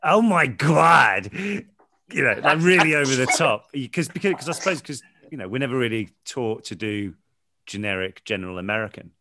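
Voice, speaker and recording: A man's voice: mid-range voice, brisk, sharp tone, no echo. A man hosting a casual chat, asking questions and joking. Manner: jokey, asks questions. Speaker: podcast host.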